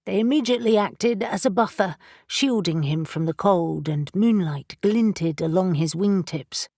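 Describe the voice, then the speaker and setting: A woman reads an audiobook narration in a measured, even manner. Her voice sits somewhat low, and her pace is slow and unhurried. The sound is dry and close to the mic. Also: dry recording. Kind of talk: scripted narration.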